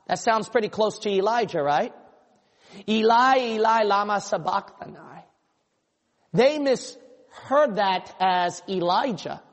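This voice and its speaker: A pastor preaching a sermon, passionately voicing what his listeners might say. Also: sits high. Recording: long church reverb.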